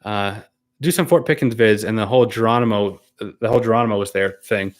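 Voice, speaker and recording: A man's voice: on the low side, brisk. A man hosting a casual live stream, reading viewer comments aloud and answering them in an easygoing, hesitant way. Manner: easygoing, hesitant, many ums and restarts, laughs often.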